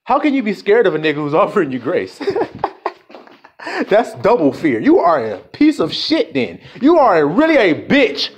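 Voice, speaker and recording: A man's voice: wildly swooping pitch, unhurried, slight background noise. Fiery, profane preaching man. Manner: emphatic, profane, swings from low mutters to shouts. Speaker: self-styled preacher. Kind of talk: fiery street-style sermon.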